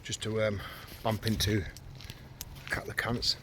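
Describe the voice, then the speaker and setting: A man's voice: on the low side, little pitch movement, moderate pace, noisy background. A middle-aged man vlogging outdoors by a river, talking in a blunt, sweary, rambling way. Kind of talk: casual outdoor vlog rant.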